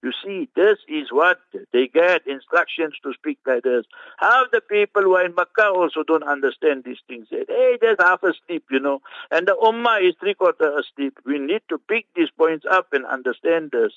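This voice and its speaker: A man with a fairly high voice delivers a fervent, scornful commentary on a Friday sermon, weaving in rapid Arabic recitations. The sound is dull and muffled, like a radio broadcast, and dry with no room around it. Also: expressive, no room sound. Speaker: religious scholar commenting on a sermon.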